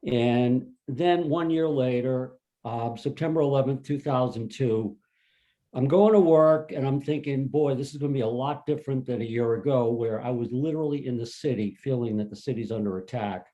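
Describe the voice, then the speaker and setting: Guy on a video call telling his story, earnest and emotional, mellow voice. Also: medium pitch, moderate pace, rough recording. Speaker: fundraiser and board volunteer. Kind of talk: personal story at a virtual panel.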